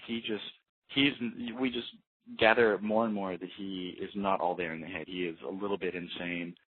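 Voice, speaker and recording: A young man with a lowish, breathy-edged voice casually tells a story about a road trip, rambling with plenty of fillers and restarts. The recording sounds dry and tinny, like a phone.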